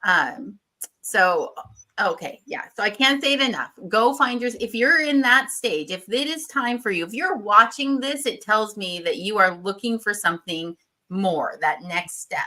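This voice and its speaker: A woman's voice: medium pitch, expressive, measured pace, pushed and bright, rough recording. A woman hosting a livestream interview, enthusiastic and gushing about her guest. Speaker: livestream host.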